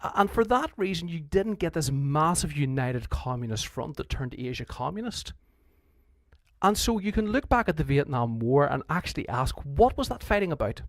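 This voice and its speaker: A man's voice: on the high side, very animated, moderate pace, no room sound. A man with a Northern Irish accent, a history teacher giving a conversational revision lecture who often restarts his sentences and acts out quotes.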